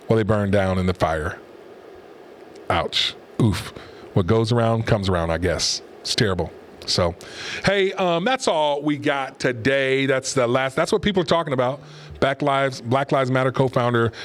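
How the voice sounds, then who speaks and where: A middle-aged man hosting a talk show and giving opinionated, rambling commentary in a conversational way. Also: medium pitch. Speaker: host and pastor. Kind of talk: casual commentary podcast.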